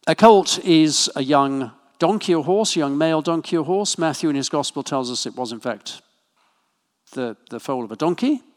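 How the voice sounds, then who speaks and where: Conversational preacher in a reverberant church. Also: male voice, on the high side, animated, normal speed. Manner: conversational, with asides and little jokes. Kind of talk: sermon. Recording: long hall reverb.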